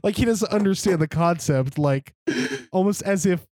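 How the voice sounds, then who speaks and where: Young male co-host, slightly high voice, rambling and profane, dry close sound. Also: normal speed, a little mellow, no echo. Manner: rambling, profane, laughs while telling stories. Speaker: podcast co-host. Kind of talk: casual chat.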